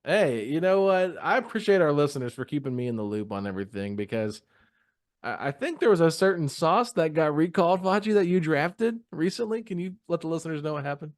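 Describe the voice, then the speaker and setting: A man's voice: on the high side, big pitch swings, a little fast. A man co-hosting a sports podcast in casual chat, playfully teasing and needling his co-host.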